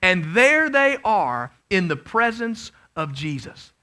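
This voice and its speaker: A man preaching a sermon as pastor, swinging from loud emphasis to hushed, intense passages, with humorous asides and acted-out bits of dialogue. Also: high voice, very animated, takes it slowly.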